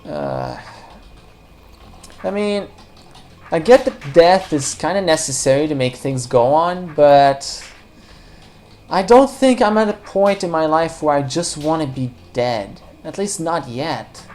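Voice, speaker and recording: Low-voiced woman rambling over gameplay. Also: animated, slow pace, a little mellow. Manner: rambling, jokey, talks to viewers and to game characters. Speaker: let's play commentator. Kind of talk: casual gameplay commentary.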